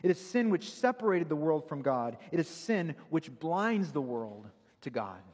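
A man's voice: on the high side, big pitch swings, unhurried, a little mellow, slightly rough, in a large hall. A man preaching a sermon, earnest and emphatic, citing Bible verses as he explains them. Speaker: pastor.

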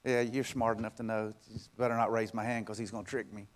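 A male pastor preaching a sermon, emphatic and repetitive, firing rhetorical questions and swinging between loud passages and hushed ones. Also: on the low side, flat delivery, fast.

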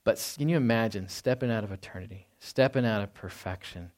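A man's voice: on the low side, fairly quick, a little mellow. A man preaching a conversational sermon, often tagging his points with "right?" and asking rhetorical questions. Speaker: pastor.

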